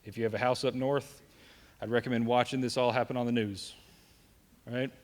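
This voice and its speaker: A man's voice: mid-range voice, flat delivery, a little fast. A young man with a Southern American accent, giving a joking, conversational safety talk to a live audience and often checking in with "right?". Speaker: safety presenter. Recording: long hall reverb.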